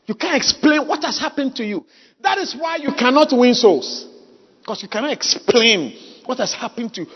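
A man pastor preaching a sermon at a church service, emphatic and repetitive, leading the congregation in shouted call-and-response. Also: very high voice, expressive, normal speed, slightly rough, lo-fi sound.

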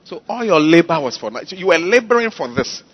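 A man's voice: on the high side, big pitch swings, fast, husky. A man preaching a sermon, emphatic and repeating phrases to the congregation. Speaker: pastor. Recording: dull lo-fi sound.

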